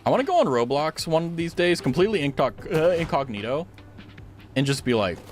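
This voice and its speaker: A man's voice: fairly high pitch, big pitch swings, a little fast, faint music behind. A young man streaming a game at home on a dynamic mic, chatting casually in a rambling, filler-heavy, giggly way. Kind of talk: casual gaming stream chat. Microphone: studio dynamic mic.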